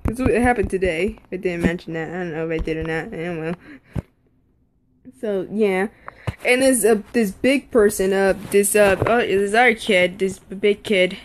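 A woman's voice: medium pitch, slight background noise. A young woman telling a casual story, rambling with lots of fillers and swearing.

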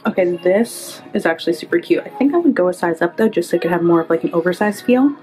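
A chatty young woman with a lowish voice gives blunt, candid takes on clothes she is trying on in a store fitting room. She talks casually to her camera. Music plays clearly underneath. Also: animated, fast talker, poor audio. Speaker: fashion vlogger. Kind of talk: casual try-on haul chat. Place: store fitting room, later inside a car. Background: background music.

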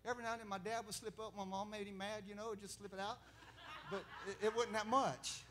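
Male pastor, high pitch, storytelling sermon that climbs to shouted emphasis. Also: fairly even intonation, fairly quick. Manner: storytelling with laughs, rising to loud preaching.

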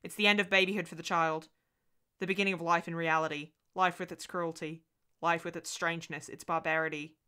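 Woman reading a ghost story aloud, crisp. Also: fairly low pitch, brisk. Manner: expressive, voices the dialogue.

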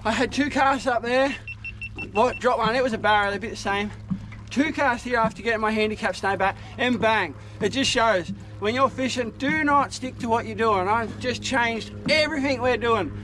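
A man talks casually to camera while fishing from a boat on a river, chatty and earnest, sometimes cheering loudly. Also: very high voice, moderate pace. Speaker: fishing vlogger. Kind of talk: casual outdoor vlog narration. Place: on a small boat on a tidal river outdoors. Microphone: head-mounted camera. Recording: noisy outdoor boat recording.

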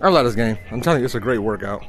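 Over soft background music, a man racing through his words narrates a VR fighting game live, mocking his opponent, letting out loud whoops, and chatting with viewers. His voice is mid-range and animated.

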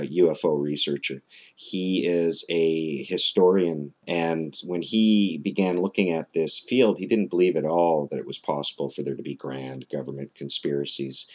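A man giving a skeptical, sardonic commentary, with frequent "uh" fillers and restarts. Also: extremely low pitch. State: out of breath.

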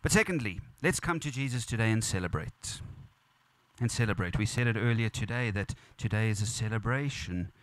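A man's voice: lowish voice, animated, brisk, fairly bright tone. A man preaching at a funeral as pastor, earnest and repetitive, building emphasis. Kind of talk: funeral sermon. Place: church or funeral venue.

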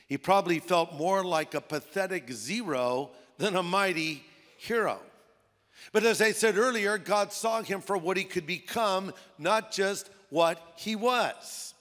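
Male pastor, high voice, casual storytelling sermon in a reverberant auditorium. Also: lively intonation, a little slow, a bit bright. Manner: conversational preaching with playful put-on voices. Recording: long hall reverb.

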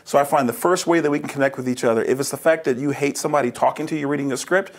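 A man's voice: mid-range voice, racing, a little hiss or hum. A man from New Jersey, a roofing business owner, telling stories in an interview and acting out dialogue with laughter. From New Jersey, USA. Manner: laughs often, acts out dialogue in lively voices. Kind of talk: animated interview storytelling.

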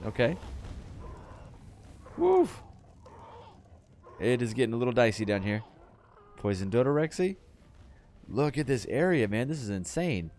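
A young adult man casually commenting on his video game as he plays, chatty and breaking into excited yells when things go wrong. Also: mid-range voice, a little fast, long pauses, a little hiss or hum. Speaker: gaming channel host.

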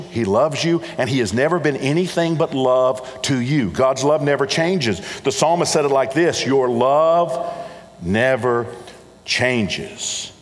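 A middle-aged man preaching a sermon, earnest and repetitive, speaking directly to his congregation. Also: fairly high pitch. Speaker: pastor. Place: church sanctuary. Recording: church hall reverb.

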